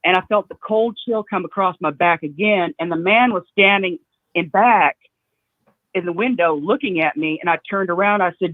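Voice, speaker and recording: A woman calling in to a talk show, telling an emotional story in a halting way and often saying "you know". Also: lowish voice, dry recording. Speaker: caller. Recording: tinny phone line, dry.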